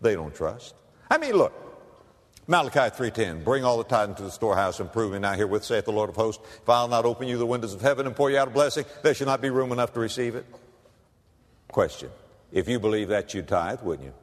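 Man preaching, lively swinging pitch, acts out story characters, long hall reverb, church sanctuary. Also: quick pace. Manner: preaching with big swings from hushed to emphatic; plays out little scenes in the voices of the people in his stories. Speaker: pastor. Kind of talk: sermon.

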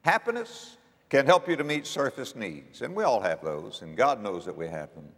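A man's voice: mid-range voice, big pitch swings, normal speed, fairly bright tone, big-room sound. A man preaching a sermon in an emphatic, dynamic way, often chuckling.

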